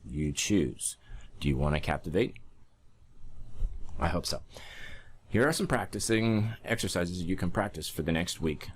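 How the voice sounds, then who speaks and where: A man with a notably deep, low voice teaches public speaking in an emphatic coaching manner. Now and then he demonstrates voice techniques. A faint hiss of noise sits under the recording. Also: lively intonation, unhurried, long pauses. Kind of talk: instructional talk.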